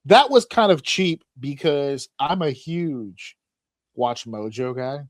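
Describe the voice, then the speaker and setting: A man's voice: mid-range voice, slow pace, no room sound. Podcast host, male, casual comic banter, acts out voices, dry close recording. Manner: animated storyteller, acts out voices, laughs often. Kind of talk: casual comedic chat.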